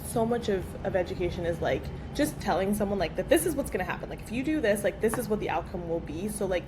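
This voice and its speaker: A woman physical therapist chatting as a podcast guest, speaking in quick run-on sentences full of "like". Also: mid-range voice, expressive, over music. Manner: fast, filler-heavy, frequent "like". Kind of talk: casual podcast chat. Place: podcast studio. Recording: background noise.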